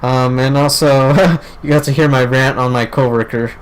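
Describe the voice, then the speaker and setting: A man's voice: medium pitch, steady tone, moderate pace, smooth, low-quality recording. Rambling young male podcast host. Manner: rambling, filler-heavy, swears casually. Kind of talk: casual podcast chat. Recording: faint background noise.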